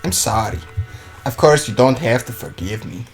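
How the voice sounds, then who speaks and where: A man voicing a stern, regretful middle-aged eldest brother in a quiet, subdued read. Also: medium pitch, expressive, moderate pace, soft background music, lightly acted. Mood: resigned. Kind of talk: reading a visual novel aloud.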